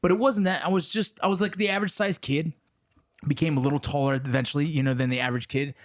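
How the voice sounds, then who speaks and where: Male podcast host, 30s, rapid-fire, higher-pitched, profane storyteller. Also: fairly even intonation. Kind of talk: casual conversation.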